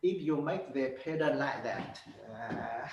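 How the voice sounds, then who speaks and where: Piano teacher coaching, halting speech. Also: male voice, mid-range voice, muffled recording. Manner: halting, simple phrasing with many fillers, sings phrases. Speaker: piano teacher giving a master class. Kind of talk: master class coaching. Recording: roomy, from far off, with piano.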